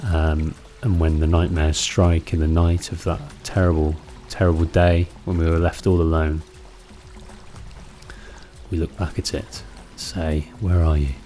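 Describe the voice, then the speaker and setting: A man's voice: deep voice, level tone, a little slow, warm tone. A man hosting a let's play, chatting casually and musing aloud about what he sees in a game. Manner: musing, chatty, with fillers and restarts. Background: game music.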